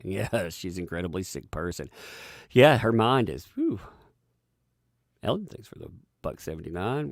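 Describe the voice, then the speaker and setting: A man's voice: medium pitch, sing-song, moderate pace, dry recording, clean studio sound. A man hosting a live-stream, chatting sarcastically with frequent laughs and reading out viewer donations.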